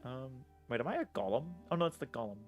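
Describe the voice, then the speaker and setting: Swearing male streamer with lively pitch. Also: fast, faint music behind. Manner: swears and mutters while thinking aloud. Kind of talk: live game playthrough, reading text aloud.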